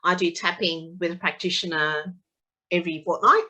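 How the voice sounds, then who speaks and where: A woman speaks as a guest in a relaxed conversation, her voice bright and forceful. She tells stories with animation, slipping into quoted voices now and then. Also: lowish voice, normal speed, highs cut off. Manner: animated storyteller, acts out quotes of her son. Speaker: EFT tapping practitioner, guest. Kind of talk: casual conversational interview.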